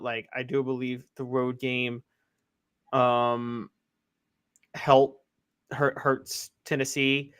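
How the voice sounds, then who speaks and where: A man's voice: medium pitch, fairly bright tone, smooth. A young man co-hosting a casual sports podcast, giving emphatic, opinionated takes. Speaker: podcast co-host.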